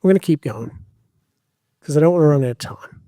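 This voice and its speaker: A man giving a community talk as a dog trainer, lively and conversational with joking asides. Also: a little high, fairly quick, no echo, clean studio sound.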